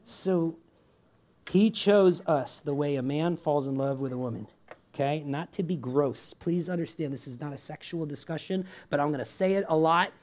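A man's voice: on the high side, normal speed, a little mellow. A man preaching a sermon in a casual, conversational way, often checking in with "right?" and laughing along with his listeners. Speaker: pastor.

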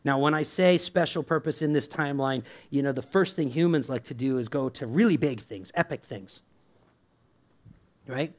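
A man's voice: medium pitch, normal speed. A man preaching a sermon in a casual, conversational way, often checking in with "right?" and laughing along with his listeners. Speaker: pastor.

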